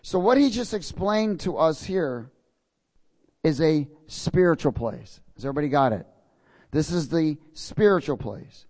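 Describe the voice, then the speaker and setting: Man preaching a folksy sermon, keeps asking the congregation if they're with him, slightly high voice. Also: lively intonation, a little slow, darkish tone.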